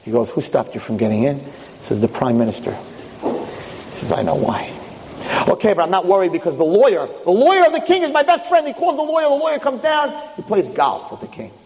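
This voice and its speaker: Male preacher, story-driven lecture, acts out every character, very animated, reverberant hall. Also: fairly high pitch, brisk, a little hiss or hum. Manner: acts out each character with shifting voices. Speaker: rabbi giving a lecture. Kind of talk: storytelling sermon.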